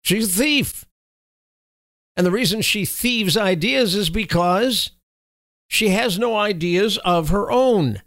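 A man's voice: sits high, slow pace, dry recording. Opinionated man reading the news. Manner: sarcastic, scornful asides with chuckles; reads official text in a steady, formal delivery. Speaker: political commentary host. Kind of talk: reading news items, then opinionated commentary.

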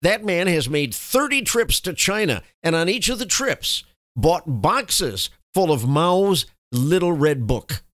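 A man's voice: fairly high pitch, very animated, takes it slowly, fairly bright tone, no room sound, studio quality. A man hosting a radio talk show, delivering a combative, insulting political monologue.

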